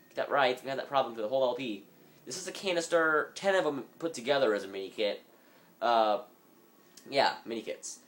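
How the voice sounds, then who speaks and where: Rambling, jokey let's-play commentator, phone-recorded. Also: male voice, mid-range voice, very animated, normal speed. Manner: rambling, jokey, mock-businesslike. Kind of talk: casual gameplay commentary.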